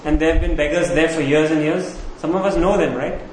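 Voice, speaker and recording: Male preacher, high-pitched voice, questioning the congregation, heavy room echo. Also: steady tone, brisk, a little hiss or hum. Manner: asks the congregation questions, repeats key phrases. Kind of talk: sermon. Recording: very echoey room with faint ambience.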